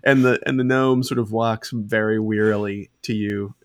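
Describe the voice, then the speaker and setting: A man's voice: on the low side, steady tone. A young man running a tabletop game as game master, narrating with many restarts and repeated words. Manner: halting, repeats words, laughs often.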